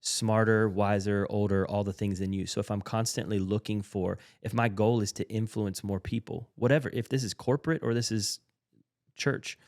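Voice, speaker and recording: A man's voice: on the low side, a little mellow, dry recording, studio quality. A man who leads in a church, a podcast guest explaining his ideas earnestly and step by step. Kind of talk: casual conversational interview.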